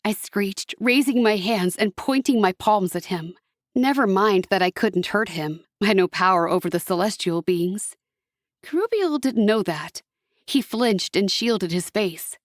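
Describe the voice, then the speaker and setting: A woman reading a fantasy audiobook in a steady, expressive narration. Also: medium pitch, measured pace, no room sound, studio quality.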